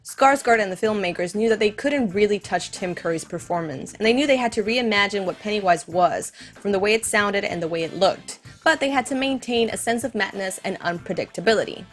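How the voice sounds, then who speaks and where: A woman's voice: medium pitch, expressive, fairly quick, few pauses, soft background music. A woman hosting a scripted film commentary, enthusiastic and speaking directly to her viewers. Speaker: video essay host.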